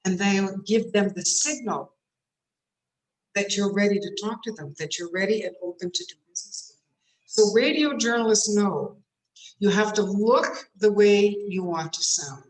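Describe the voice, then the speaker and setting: A woman's voice: mid-range voice, normal speed. A woman coaching speakers in an online workshop, talking in a demonstrative way and shifting her tone to show examples. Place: home room on a video call. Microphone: computer mic on a video call. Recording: roomy echo.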